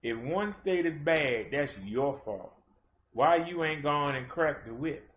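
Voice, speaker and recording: A man's voice: on the high side, lively intonation, slow pace, fairly bright tone. A man hosting a livestream, ranting in a fiery, confrontational way and challenging his chat. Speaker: livestream host. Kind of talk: livestream rant. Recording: dull lo-fi stream audio.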